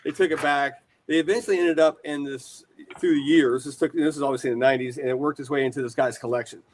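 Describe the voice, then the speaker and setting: A man's voice: medium pitch, quick pace. An American man in his forties, a horror collector being interviewed, telling long rambling stories with lots of fillers. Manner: animated, rambling storyteller with many fillers. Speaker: guest, horror collector and shop owner. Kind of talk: casual storytelling interview.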